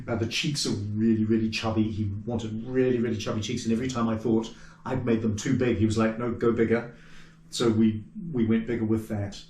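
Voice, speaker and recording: A man with a New Zealand accent, a puppet maker chatting as the guest in an interview, telling stories lively and acting out what people said. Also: fairly low pitch, a little fast. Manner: animated storyteller who acts out quoted remarks. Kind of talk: casual interview chat. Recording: roomy sound from a distant mic.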